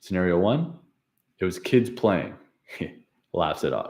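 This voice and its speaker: Rambling low-voiced man coach. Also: very animated, moderate pace, creaky, a little mellow. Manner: rambling, self-correcting, laughs at himself. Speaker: habit coach. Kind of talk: casual unscripted vlog recap.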